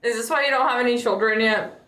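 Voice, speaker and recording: A woman's voice: on the high side, fast talker, a bit bright. A woman streamer in casual livestream chat, teasing and laughing often. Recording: echoey room.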